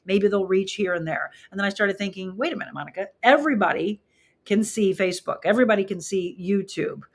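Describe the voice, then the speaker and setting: A woman's voice: mid-range voice, brisk. A chatty woman hosts a live show, reading viewer comments aloud in a mid-range voice. She asks her audience questions as she goes. Her talk is loose and friendly, with easy back-and-forth. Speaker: host. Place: studio with flowers behind her.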